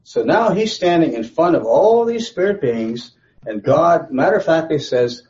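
A man's voice: medium pitch, lively intonation, unhurried, darkish tone. Rambling male Bible teacher, muffled recording. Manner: conversational and rambling, with frequent restarts. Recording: slightly dull lo-fi recording.

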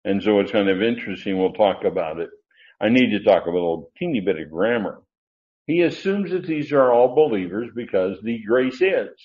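A lowish, animated male voice moves fairly quickly through a Bible grammar lecture. Tangents, fillers, and restarts run throughout, broken up by hard emphasis on the key points. It's a dull, lo-fi recording.

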